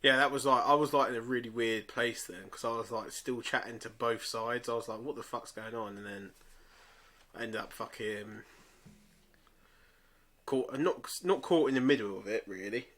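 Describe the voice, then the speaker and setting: Bright-voiced man, sweary. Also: medium pitch, normal speed. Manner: sweary, laid-back, chuckling. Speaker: podcast co-host. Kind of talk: casual chat.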